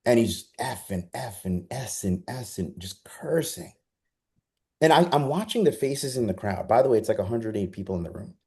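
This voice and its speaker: A man coaching a group live on a video call, energetic and persuasive, often asking his audience rhetorical questions. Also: mid-range voice, normal speed, creaky. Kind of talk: live online coaching session.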